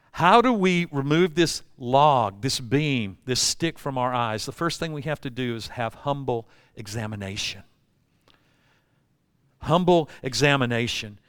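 Older pastor preaching, smooth clear voice, dry close sound, a bit high. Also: male voice, no room sound. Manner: folksy storytelling with acted-out voices. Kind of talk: sermon.

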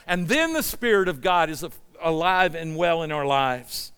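Passionate preacher in a reverberant hall. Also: male voice, animated, normal speed, few pauses, clear, resonant tone. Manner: passionate, rising to near-shouting then dropping low. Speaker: pastor. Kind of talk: sermon. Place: church sanctuary.

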